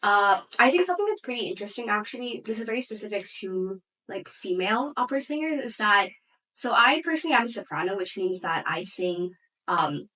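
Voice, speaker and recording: A woman's voice: medium pitch, animated, fairly quick, bright, forceful tone, far from the mic, low-quality recording. A young woman, an opera singer and student, answering interview questions in a thoughtful way full of "like" and "you know". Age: young adult.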